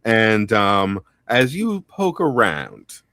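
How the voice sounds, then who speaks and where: A man's voice: on the low side, huge pitch swings, extremely slow, pushed and bright, no room sound, studio quality. A man narrating a tabletop game as game master on a live talk show, playful and laughing often.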